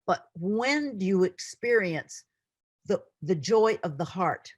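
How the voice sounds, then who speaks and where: A woman's voice: medium pitch, expressive, slow, breathy edge, no echo, clean studio sound. A middle-aged woman teaching an online class in an earnest, emotional way, often repeating words. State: near tears.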